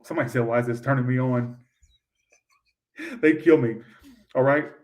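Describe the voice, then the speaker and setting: Man, tarot reader, blunt, swearing, shouty bursts, mic set back. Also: medium pitch, moderate pace, far from the mic. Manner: blunt, swears freely, loud outbursts. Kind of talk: live tarot reading.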